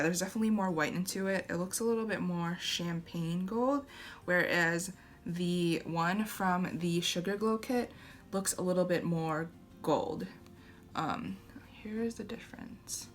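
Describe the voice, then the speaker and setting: A woman's voice: fairly low pitch, fairly bright tone. A young woman chatting casually through a makeup review, hesitant, with many fillers and restarts. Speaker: beauty vlogger.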